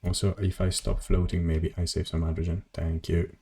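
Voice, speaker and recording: A man's voice: low-pitched, level tone, moderate pace, dark tone. A man streaming a game from his home office, chatting casually and rambling as he plays, correcting himself and answering chat. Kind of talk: casual gameplay commentary.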